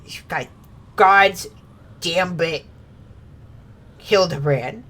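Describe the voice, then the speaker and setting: A woman's voice: on the low side, very slow, a bit bright. A woman streamer chatting casually over gameplay, rambling with many filler words and frequent laughs.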